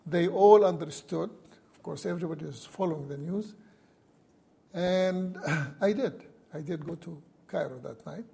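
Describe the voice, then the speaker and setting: Professor guy, husky mellow voice, telling a story and chuckling dryly. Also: a little high, normal speed. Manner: recounting events with wry chuckles. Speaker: university professor. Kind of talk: personal storytelling.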